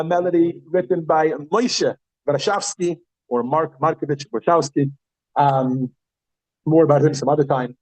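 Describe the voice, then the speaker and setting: A man teaching a Yiddish class, chatty and animated, often restarting his sentences as he talks to the room. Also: on the high side, no echo, low-quality recording. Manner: animated, chatty, self-interrupting. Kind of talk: classroom lesson.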